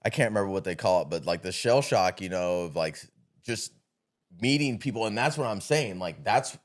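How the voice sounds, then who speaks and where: A man with a fairly low voice talks as a podcast guest in a loose, unfiltered way. He curses often and circles back over his words, restarting his sentences. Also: expressive, normal speed. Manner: blunt and profane, rambling with restarts. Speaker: podcast guest, business owner. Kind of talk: casual conversation.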